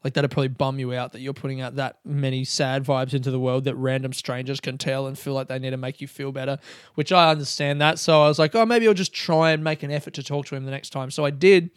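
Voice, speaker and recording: Man, rambling podcast monologue, lots of swearing, smooth voice, dry close sound. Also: mid-range voice, fairly even intonation, quick pace, no room sound. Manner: swears a lot, rambling and self-mocking. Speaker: podcast host. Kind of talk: casual solo monologue.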